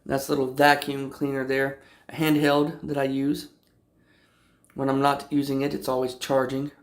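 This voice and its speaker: A man's voice: mid-range voice, monotone, normal speed. A man casually filming his cats at home on a camera on a tripod. He talks playfully, swears freely and coos at them in baby talk. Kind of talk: casual livestream chat. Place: indoors at home. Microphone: phone or camera on a tripod.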